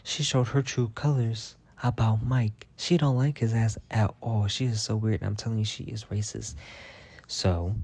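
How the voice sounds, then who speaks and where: In a heated, casual rant, a male vlogger recounts a workplace story, cursing constantly and clearly exasperated. He speaks at a normal speed in a low, darkish voice with a steady tone.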